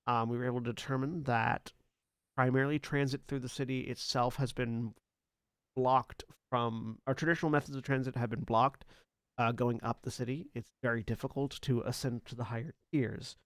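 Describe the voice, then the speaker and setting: A man's voice: medium pitch, steady tone, normal speed, a bit bright, dry recording, lightly acted. A man voicing a young adult female military commander in a tabletop game, giving a matter-of-fact briefing. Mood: businesslike.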